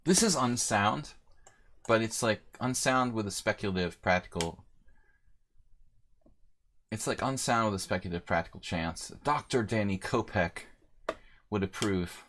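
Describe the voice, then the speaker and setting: Deep-voiced guy, middle-aged, streaming chess and thinking out loud, jokey with chat. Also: animated, a little slow, long pauses, a little hiss or hum. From United States. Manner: chatty and joking, answering chat mid-game. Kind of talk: live-streamed game commentary, thinking aloud.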